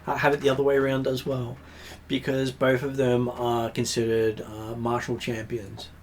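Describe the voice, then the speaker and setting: A man's voice: mid-range voice, monotone. Game master narrating a tabletop session, a man with a mid-range voice and a light noise floor. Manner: descriptive, with frequent "uh" pauses. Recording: faint background noise.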